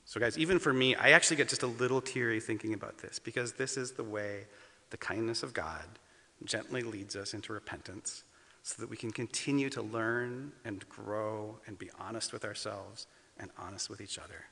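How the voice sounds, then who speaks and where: A man with a gravelly edge and a bright, forceful tone walks children through an imagination story. He gently asks his young listeners question after question, recorded at home with a long reverb hanging on his voice. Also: on the low side, moderate pace. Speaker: children's pastor. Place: at home, facing a wall.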